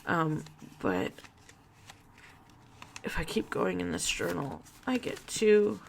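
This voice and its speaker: A woman speaking haltingly about grief in a personal vlog, with many fillers and restarts, close to tears. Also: lowish voice, sing-song, vocal fry, darkish tone, a little hiss or hum. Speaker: vlogger.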